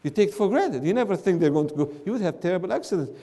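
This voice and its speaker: Emphatic male teacher, lively pitch, room reverb. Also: rapid-fire. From Syria. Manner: animated, emphatic, repeats himself. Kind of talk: classroom lecture with banter.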